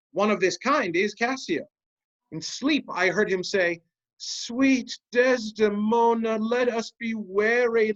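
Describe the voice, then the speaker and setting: The actor plays the scheming officer slyly, with a measured, insinuating delivery in a slightly bright voice of middling pitch. It's an amateur Shakespeare reading, and the recording sounds muffled and lo-fi.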